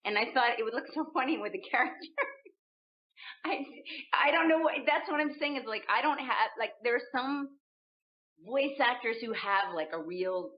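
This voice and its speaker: A voice actress in her forties, chatting in an interview, animated and laughing, often restarting her sentences as she searches for words. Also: a little high, normal speed. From United States. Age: 40s. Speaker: voice actress guest. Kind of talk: casual interview chat. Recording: dull lo-fi sound.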